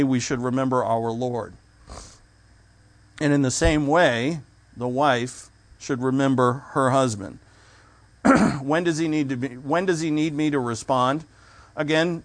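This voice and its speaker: A man's voice: medium pitch, unhurried. A man preaching a sermon in a conversational way, stopping and restarting his sentences as he explains a scripture.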